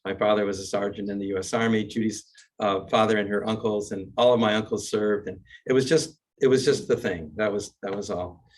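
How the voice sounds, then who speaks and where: A man's voice: on the low side, fairly even intonation, brisk. Older man telling jokes in class. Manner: wry storyteller, chuckles at his own jokes. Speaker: rabbi teaching a class. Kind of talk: class talk with joke-telling and chanting.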